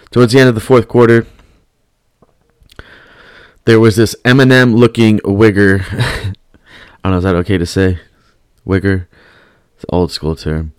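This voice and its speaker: A man's voice: lowish voice, smooth, dry recording. A man hosting a podcast, telling a story in profane, rambling casual chat. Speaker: podcast host.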